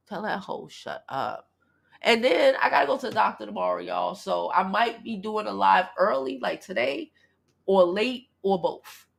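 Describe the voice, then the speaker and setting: A woman in her thirties, from Brooklyn, hosting a casual livestream chat in a blunt, profane, animated way. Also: mid-range voice. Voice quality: gravelly, husky. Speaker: livestream host.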